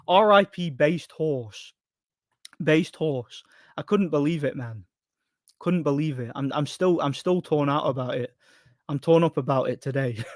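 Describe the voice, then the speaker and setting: Streamer type: man, slightly high voice, rambling heated rant, dry booth-like sound. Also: no room sound. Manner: rambling, heated, many restarts. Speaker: streamer reading chat. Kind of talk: casual livestream rant.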